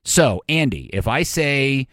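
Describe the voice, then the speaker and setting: A man's voice: mid-range voice, expressive, slow, a bit bright, dry recording, studio quality. Joking male sports talk co-host. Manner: joking, self-mocking storyteller. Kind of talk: casual sports talk chat.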